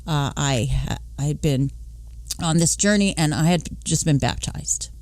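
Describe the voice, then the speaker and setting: A woman in her late fifties, a podcast host from the Philadelphia and New York area, telling a personal story in an animated way. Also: measured pace, no room sound. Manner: animated, acting out dialogue with big pitch swings.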